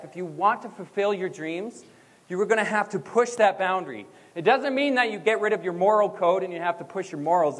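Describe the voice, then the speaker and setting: Young male motivational speaker, high voice, school hall with long reverb, energetic and chanting. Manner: energetic, leads chants with the crowd. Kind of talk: graduation speech. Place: school gym or auditorium.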